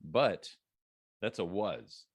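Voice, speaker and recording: A man's voice: deep voice, animated, very slow, breathy edge, no echo, clean studio sound. A man hosting a podcast, talking frankly and supportively in casual conversation. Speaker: podcast host.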